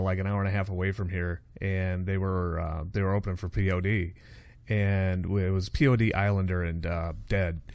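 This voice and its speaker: A man's voice: sits low, darkish tone, no room sound. A man hosting a podcast in casual chat, laid-back, swearing freely and calling people "dude". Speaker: podcast host.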